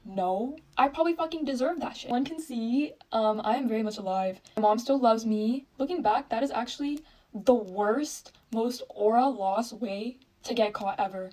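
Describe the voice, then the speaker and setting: A woman's voice: fairly high pitch, moderate pace, dark tone. Chatty young woman, recorded from a distance. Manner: chatty, filler-heavy, self-mocking. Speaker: storyteller. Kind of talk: casual storytime. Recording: voice set back from the mic.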